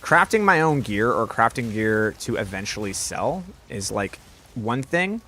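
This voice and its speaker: A man's voice: lowish voice, big pitch swings, unhurried, sharp tone. A young man live-streaming a game, chatting casually with his viewers, rambling and swearing often.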